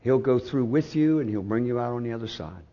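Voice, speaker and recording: A man preaching a sermon as pastor, swinging from loud outbursts to hushed, drawn-out phrases. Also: medium pitch, expressive, highs cut off.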